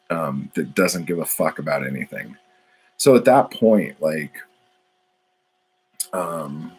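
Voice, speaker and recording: A man's voice: low voice, a little hiss or hum, rough recording. A man, a poet, talking in a casual, profane, meandering monologue full of fillers.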